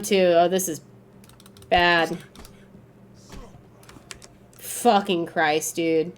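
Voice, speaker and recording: A woman giving gameplay commentary, excitable and swearing freely, breaking into frustrated yells, then calmly explaining in a recap. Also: on the low side, slow pace, pauses often. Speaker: gaming YouTuber.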